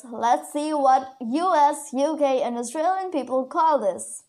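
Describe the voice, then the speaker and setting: Her voice is high and a little mellow as she leads a chatty online lesson on English vocabulary. She grew up speaking Urdu and repeats the main words slowly for learners.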